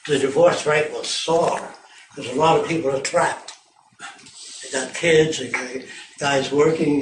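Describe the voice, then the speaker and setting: An older man giving an informal public talk on tour, blunt, profane and sardonic. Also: a little high. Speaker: lecturer on tour. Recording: echoey hall from far off, noisy.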